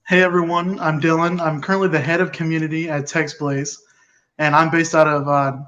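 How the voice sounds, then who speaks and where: A man with a North Carolina accent, joining as a guest and speaking in a flat, even way. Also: a little high, fairly quick, dull audio.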